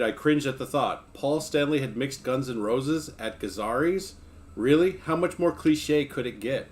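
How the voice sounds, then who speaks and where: A man streaming casually, joking with his viewers and reading a book aloud between chats. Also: medium pitch. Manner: laid-back, joking, talks to chat between passages.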